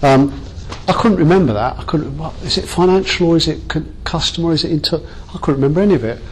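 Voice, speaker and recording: A man's voice: a little high, fast talker, a little hiss or hum, poor audio. A man leading a workshop training session, chatty and self-mocking as he jokes with the group.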